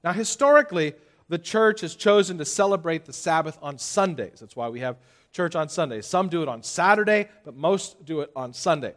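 A man preaching a sermon with a lively, playful delivery. He has his listeners repeat phrases back and jokes with exaggerated complaints. His voice sits slightly high for a man. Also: normal speed. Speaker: pastor.

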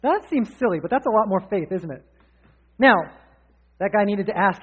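A man preaching a sermon in an energetic, candid, conversational way. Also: sits high, moderate pace, husky. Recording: tinny phone-like sound.

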